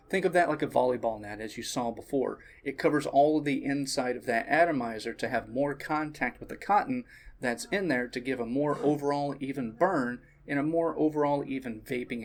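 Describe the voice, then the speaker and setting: Easygoing man reviewing a product. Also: mid-range voice. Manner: easygoing, with frequent ums and uhs. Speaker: vape shop staff reviewing products.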